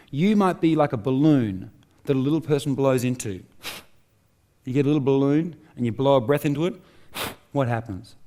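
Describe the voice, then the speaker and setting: Before a live audience on stage, a middle-aged Australian man delivers a motivational talk in a medium-pitched, dark voice. Rhetorical questions and insistent repetition drive his points home.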